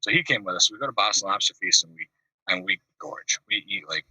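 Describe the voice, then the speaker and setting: A man telling a long, animated funny story on a video call, acting out voices and laughing at his own tale. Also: low-pitched, quick pace, husky, no echo. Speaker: call-in show host. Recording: dry video call audio, distant from the mic.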